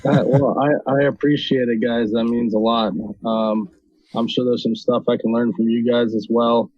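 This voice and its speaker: Casting: guest man from North Dakota, easygoing, with lots of ums, monotone, over a slightly muffled dry line. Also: medium pitch, normal speed. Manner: relaxed, with many ums and restarts. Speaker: podcast guest, video creator. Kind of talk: casual interview talk.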